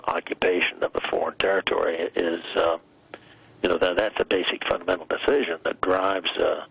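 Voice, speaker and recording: An older man speaks in a deep, gravelly voice with a husky edge, trading on a slow, deliberate delivery broken by frequent hesitant pauses. The sound is dull and lo-fi, like a remote broadcast feed. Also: dry recording. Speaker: interview guest, former vice president. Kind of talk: broadcast interview commentary.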